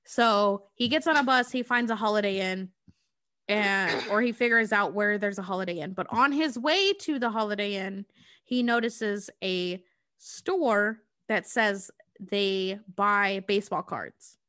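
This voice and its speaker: Bright-voiced woman recapping a movie. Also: medium pitch, measured pace, no room sound, clean studio sound. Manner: profane, animated storytelling. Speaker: podcast co-host.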